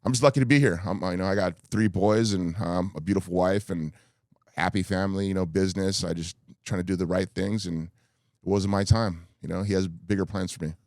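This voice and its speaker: Fast-talking deep-voiced man in his fifties. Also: fairly even intonation, darkish tone, no room sound, studio quality. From California. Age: 50s. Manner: earnest, rambling storyteller with many fillers. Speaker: guest. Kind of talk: candid podcast interview. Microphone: studio microphone.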